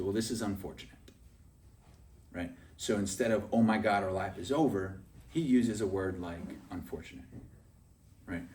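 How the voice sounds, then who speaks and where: A man's voice: lowish voice, distant mic. A man giving a motivational sales training talk, chatty and often asking "right?" to check in with his listeners.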